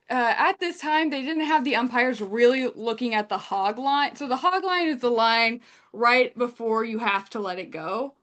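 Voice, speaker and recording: A young woman from Canada telling a story in casual chat, animated and acting out quotes. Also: on the high side. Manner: animated retelling with acted-out quotes. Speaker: guest storyteller.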